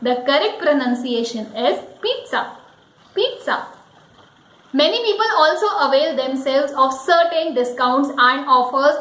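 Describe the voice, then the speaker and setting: A woman teaching pronunciation, slowly repeating each word several times. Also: high voice, fairly bright tone, reverberant, rough recording. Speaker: English teacher. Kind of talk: pronunciation lesson.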